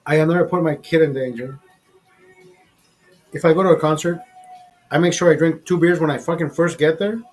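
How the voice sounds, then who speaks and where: A man hosting his own vlog, telling a story in a heated, profane, animated way. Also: on the high side, brisk, long pauses, soft background music. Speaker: show host.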